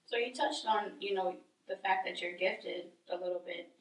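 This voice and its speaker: A woman's voice: mid-range voice, normal speed. A woman interviewing a rapper, asking friendly, prompting questions about his story and talent. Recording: echoey room, far from the mic.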